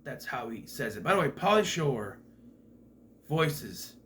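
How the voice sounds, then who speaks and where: A man's voice: medium pitch, sing-song, a little slow, fairly bright tone, a little hiss or hum. A man giving a casual movie review in a sarcastic, profane, exasperated way.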